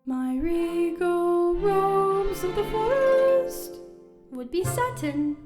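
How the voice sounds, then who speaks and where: A woman singing as a vain lion in an amateur stage musical, grand and drawn out, over loud music in an echoey room. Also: very high-pitched, expressive, heavily acted. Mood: grandiose. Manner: grand, drawn-out sung delivery. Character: vain cowardly lion dreaming of being king.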